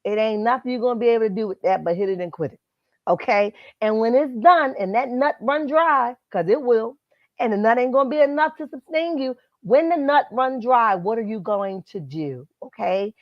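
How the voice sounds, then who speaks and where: A sassy woman hosts a live stream, talking gossip straight to her viewers. Her voice sits a little high, and the sound is dry and slightly dull, as if from a basic computer mic with no room around it. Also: normal speed, no room sound. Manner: sassy, emphatic, talks straight to viewers and chat. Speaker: live-stream host commenting on celebrity gossip. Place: at her workplace, indoors.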